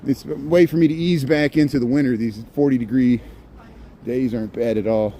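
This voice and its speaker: A man's voice: medium pitch, steady tone, a little fast, dark tone. Man in the middle range, walking outdoors and rambling to his live-stream chat on a phone mic, with light street noise behind him. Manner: rambling, chatty, reads out viewer comments. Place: outdoors on city streets at evening.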